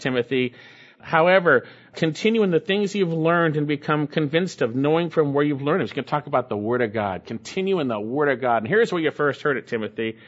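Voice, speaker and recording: A male pastor delivering a sermon, reading scripture slowly and then explaining it with emphatic asides. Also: a little high, fairly bright tone, dull audio.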